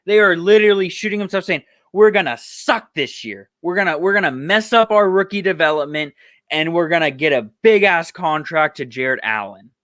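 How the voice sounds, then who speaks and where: A man's voice: fairly high pitch, animated, moderate pace, a bit bright, no room sound. Profane, ranting young male sports podcaster. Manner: heated, profane, exasperated ranting. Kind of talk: solo sports podcast rant and roundup.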